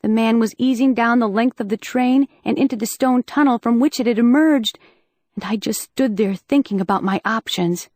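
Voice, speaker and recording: A woman reading a first-person audiobook in a lively, wry storytelling manner, on a close studio mic. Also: fairly high pitch, moderate pace, dry recording. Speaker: audiobook narrator.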